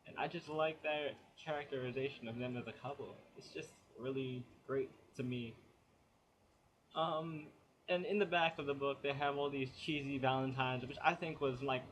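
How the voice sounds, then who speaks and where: A man's voice: mid-range voice, steady tone, normal speed, a bit bright, slight background noise. A man giving a casual spoken comic book review, chatty and rambling as he retells the plot.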